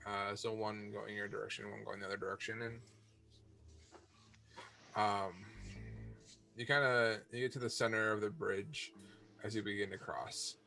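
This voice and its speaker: A man narrating a tabletop game as game master, halting with many fillers and restarts. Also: fairly low pitch, flat delivery, vocal fry, sharp tone, soft background music.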